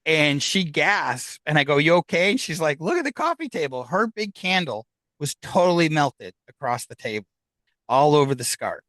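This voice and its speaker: A man, a podcast guest, telling a story in a casual, animated way and acting out the dialogue with laughs between lines. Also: fairly high pitch, normal speed, dry recording, low-quality recording.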